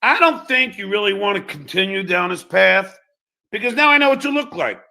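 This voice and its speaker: A man in a recorded video rant, taunting and threatening someone with tough-guy bravado. His high voice is piercingly bright and swoops widely. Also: expressive, fairly quick, gravelly.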